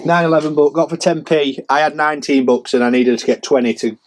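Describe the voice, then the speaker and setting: A man's voice: fairly high pitch, fairly even intonation, quick pace, a little hiss or hum. A man giving a casual, rambling sales update as a reseller vlogger, chatty and self-mocking. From England.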